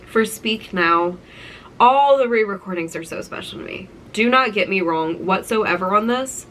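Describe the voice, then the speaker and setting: A woman's voice: medium pitch, animated, moderate pace, fairly bright tone, a little hiss or hum, rough recording. A young woman in her twenties talking through a keepsake collection, gushing and nostalgic, with lots of "like". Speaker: vlogger. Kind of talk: casual show-and-tell vlog.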